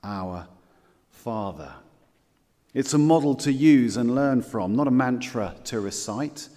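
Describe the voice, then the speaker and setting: A man preaching a sermon, earnest, dropping his voice low on key words. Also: normal speed. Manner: earnest, varies loudness for emphasis, drops low on key words. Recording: long reverb of a large hall.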